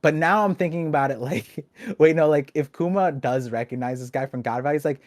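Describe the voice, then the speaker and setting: A young adult man hosting a casual podcast chat, talking in an animated, rambling way with lots of restarts. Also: on the high side, fairly quick, no room sound, clean studio sound. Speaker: podcast host.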